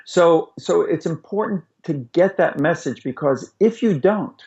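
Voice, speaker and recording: A man's voice: fairly high pitch, measured pace, creaky. A man, a guest parenting expert, explaining in an interview and acting out little examples. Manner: animated, demonstrates with acted voices. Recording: dull lo-fi recording.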